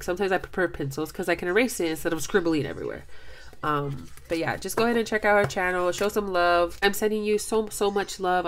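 A woman from Los Angeles vlogging casually as she opens mail, gushing and excitable, laughing often. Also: lowish voice. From Los Angeles, USA. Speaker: budgeting vlogger. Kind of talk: casual vlog, opening mail.

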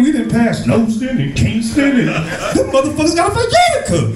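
High, lively New comedian on stage. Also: male voice, a little fast, distant mic. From Brooklyn, New York. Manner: loose, profane, animated storytelling with crowd banter. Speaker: stand-up comedian and host. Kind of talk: stand-up comedy. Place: comedy club. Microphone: handheld stage mic. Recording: echoey club recorded from afar, crowd.

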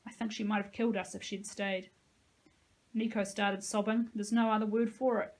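A woman, a teacher, reading a novel aloud with expressive, dramatic storytelling. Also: mid-range voice, normal speed, low-quality recording.

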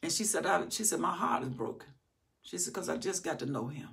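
Gravelly, emphatic woman teaching scripture. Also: low-pitched, brisk, a bit bright. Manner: emphatic, reads scripture then preaches on it with rising force. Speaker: Bible teacher. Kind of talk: Bible study teaching.

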